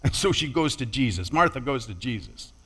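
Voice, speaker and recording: Measured male preacher in a reverberant hall. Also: medium pitch, sing-song, a bit bright, breathy edge. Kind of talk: sermon.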